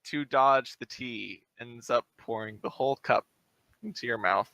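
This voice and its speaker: A man narrating a tabletop game as game master, describing events lively and often laughing. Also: medium pitch, unhurried, dry recording. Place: home streaming setup.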